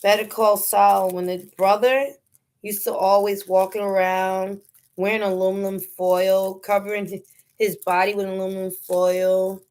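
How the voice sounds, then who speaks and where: A woman's voice: medium pitch, little pitch movement, darkish tone. A young woman with a New York accent chatting casually on a phone livestream, laughing often and dropping slang. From New York City. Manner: unhurried, drawn-out talk with frequent laughter and slang. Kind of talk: casual live stream chat.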